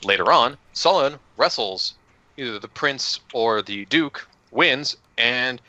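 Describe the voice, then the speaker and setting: A man's voice: mid-range voice, expressive, slow pace, bright, forceful tone, no echo. A man casually recapping a tabletop game session for his group, joking loosely and swearing now and then. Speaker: player recapping the last session. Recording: dull lo-fi audio.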